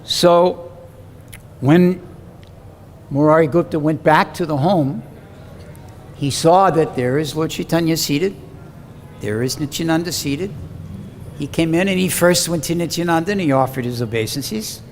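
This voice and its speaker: A man giving a scripture lecture as an animated, dramatic storyteller who acts out the quoted voices. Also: fairly high pitch, unhurried, long pauses. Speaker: preacher. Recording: long hall reverb, faint background hum.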